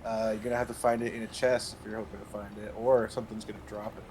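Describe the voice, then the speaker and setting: A man's voice: on the low side, little pitch movement, fast, a little mellow, a little hiss or hum. A man doing casual live race commentary, agreeable and explaining strategy.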